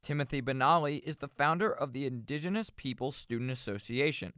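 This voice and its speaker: A young man reading a scripted student news report in a measured way. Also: medium pitch, a bit bright, smooth, no room sound. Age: young adult.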